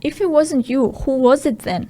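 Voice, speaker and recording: Woman doing an eager loyal pirate sidekick, deferential, storybook audiobook, slightly high voice. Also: expressive, brisk, warm tone.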